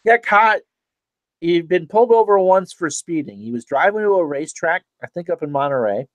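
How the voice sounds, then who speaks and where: A man's voice: on the high side, lively intonation, brisk, dry recording. A man in a casual chat, adding facts and agreeing briefly with the host.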